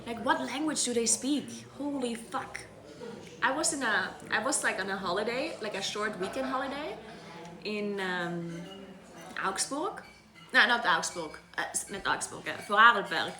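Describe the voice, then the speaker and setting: A woman's voice: fairly high pitch, normal speed, crowd noise. A young woman from Tyrol, chatting casually with her stream viewers, laughing often and filling her talk with "like.". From South Tyrol. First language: German (South Tyrolean dialect). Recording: roomy echo.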